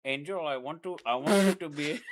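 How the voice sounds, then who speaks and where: A man's voice: a little high, moderate pace, slight background noise. A young man hosting a casual livestream chat, joking and laughing easily. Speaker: streamer host.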